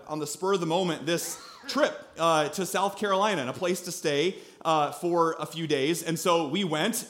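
A high-voiced male pastor preaching in a church. He tells stories with animation and bursts into loud acted-out quotes. His delivery is casual and lively. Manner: animated storyteller, acts out quotes loudly. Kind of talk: sermon with a personal story.

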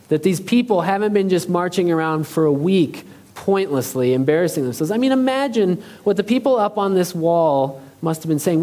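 A man's voice: sits high, dark tone. A man preaching a sermon as pastor, speaking conversationally and asking the congregation questions.

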